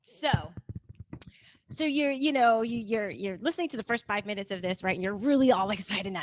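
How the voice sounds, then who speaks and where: A woman speaking to a live audience in a chatty, animated way, acting out quoted voices and laughing often. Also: mid-range voice, fairly quick, no room sound. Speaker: workshop speaker.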